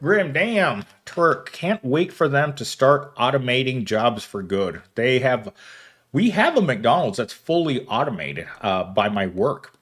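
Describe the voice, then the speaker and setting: A man's voice: medium pitch, big pitch swings, measured pace, a bit bright, slightly rough. A man, hosting a casual livestream, reading viewer comments aloud and rambling with frequent laughter. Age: 30s. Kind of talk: casual chat.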